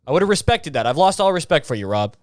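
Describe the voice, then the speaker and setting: A man's voice: on the high side, sing-song, fast talker, no echo, clean studio sound. A man hosting a podcast, ranting in a crude, sarcastic and mocking way. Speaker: podcast host. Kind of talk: casual podcast rant.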